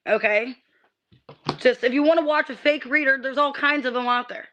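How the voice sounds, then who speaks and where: Woman tarot reader, high tense voice, irritated ranting, swears, stumbles on restarts. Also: moderate pace, pushed and bright. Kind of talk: livestreamed tarot reading.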